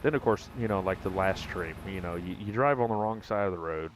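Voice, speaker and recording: A man's voice: deep voice, fairly quick, a little hiss or hum. An American man chatting casually and jokingly with viewers during a gaming live stream. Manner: rambling, jokey, talks to chat.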